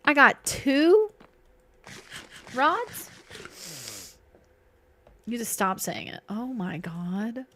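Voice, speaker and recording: A woman's voice: a little high, very animated, extremely slow, pauses often, sharp tone, slight background noise. A woman streaming a game, chatting playfully with her viewers and herself. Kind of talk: casual live-stream chat while gaming.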